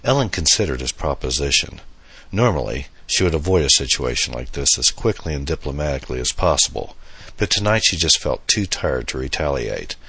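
A man giving steady, measured audiobook narration, recorded close on a studio mic. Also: rumbling low, husky, no room sound.

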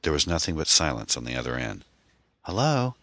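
Deep-voiced male audiobook narrator. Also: fast talker, gravelly, bright, forceful tone, no room sound.

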